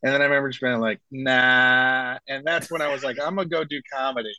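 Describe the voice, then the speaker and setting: A man's voice: medium pitch, very fast, sharp tone, dry recording, dull audio. A man, a comedian guest on a podcast, rambling through casual anecdotes and acting out what people said. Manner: rambling anecdotes with acted-out quotes.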